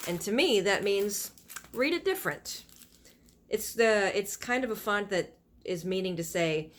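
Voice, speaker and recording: A woman reading a children's novel aloud, stopping for chatty asides that explain the pictures and fonts. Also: mid-range voice. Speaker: reader of a children's book.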